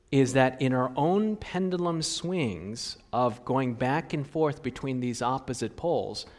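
Guy preaching a sermon, chatty, keeps asking the congregation stuff, big hall reverb. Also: medium pitch. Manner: conversational, asks the congregation questions. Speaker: pastor. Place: church sanctuary.

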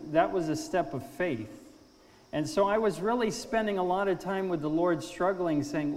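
A man in his fifties giving an earnest testimony talk at a conference, halting with restarts. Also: on the high side, a little mellow. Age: 50s. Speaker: speaker at a conference. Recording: long hall reverb.

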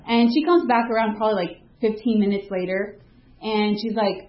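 A woman's voice: mid-range voice, fairly quick, reverberant, lo-fi sound. A woman giving a personal faith testimony in a casual, storytelling way, acting out what people said to her. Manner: vivid storytelling, acting out quoted dialogue; casual, with frequent fillers like "like". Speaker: speaker sharing a personal testimony.

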